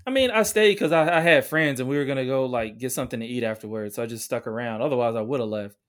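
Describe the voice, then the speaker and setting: Regular-voiced dude rambling through a story on a podcast, swears, says uh a lot. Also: male voice, mid-range voice. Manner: rambling, profane, with halting fillers. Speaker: podcast co-host. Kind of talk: casual storytelling chat.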